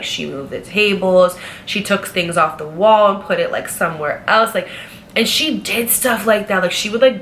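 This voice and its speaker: A bright, forceful young woman recounting a workplace story in a chatty, animated way with plenty of fillers. A faint hum of noise sits under her voice. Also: on the low side. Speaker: vlogger. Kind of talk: casual storytime.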